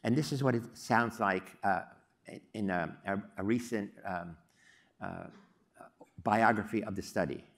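An older man giving a storytelling lecture, halting often with uh and um. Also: on the low side. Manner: halting, many uh and um fillers. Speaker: psychology professor giving a talk.

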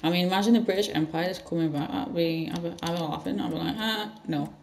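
A gaming channel host giving rambling let's-play commentary with sudden loud outbursts. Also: mid-range voice, steady tone, fast talker, gravelly, a little hiss or hum.

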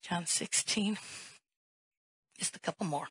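Husky-voiced woman pastor preaching. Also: lowish voice, slow, a bit bright, no room sound, low-quality recording. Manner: emphatic, rising to a raised voice, rhetorical questions. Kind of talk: sermon.

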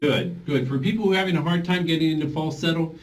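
A man's voice: a little high, fast talker. A man leading a group voice therapy class, coaching step by step and singing vowel exercises to demonstrate. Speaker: voice therapy instructor. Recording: distant mic with faint background noise.

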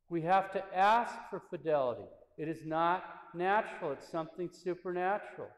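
A priest giving a sermon and reading excerpts, with a measured, reverent delivery and small restarts. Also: male voice, a little high. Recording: roomy church with long reverb.

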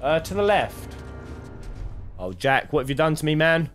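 Excitable man reacting to a game. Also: a little high, normal speed, soft background music. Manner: excitable, swings from mumbling to yelling. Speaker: gaming streamer. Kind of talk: gameplay reaction commentary.

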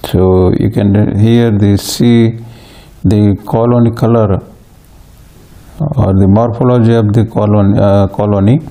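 Slow, halting male lecturer. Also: on the low side, creaky, dark tone. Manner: slow and halting, with frequent fillers and restarts. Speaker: plant pathology lecturer. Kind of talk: recorded university lecture.

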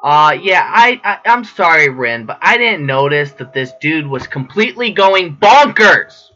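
Excitable, joking man gaming, bright voice. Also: fairly high pitch, slow, few pauses. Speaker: gamer. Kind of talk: let's play commentary. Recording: dull lo-fi recording with faint game music.

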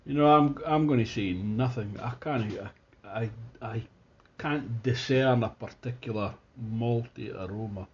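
A Scottish man chats his way through a beer tasting, enthusiastic and thinking aloud with plenty of restarts. His voice sits mid-pitch. The recording sounds a little dull and muffled. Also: a little slow. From Scotland. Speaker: beer reviewer. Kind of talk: casual tasting review.

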